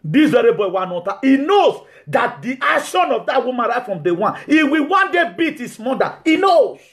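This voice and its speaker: A man delivers a sermon in a high, bright-sounding voice. He talks animatedly and often slips into laughter between his points. He then turns to loud, scolding rebukes. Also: moderate pace. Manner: animated, swings from laughing asides to shouted rebukes. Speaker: preacher.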